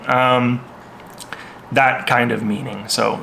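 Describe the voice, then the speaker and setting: A man's voice: medium pitch, flat delivery, slow, vocal fry, pauses often, sharp tone, slight background noise. A man giving a casual vocabulary lesson, hesitant, with lots of ums and restarts. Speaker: language teacher.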